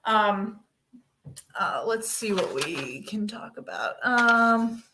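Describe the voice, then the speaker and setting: A young woman doing a deadpan stand-up set over a video call, with many ums. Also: mid-range voice, takes it slowly, noisy background. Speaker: stand-up comedian. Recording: echoey room, distant from mic.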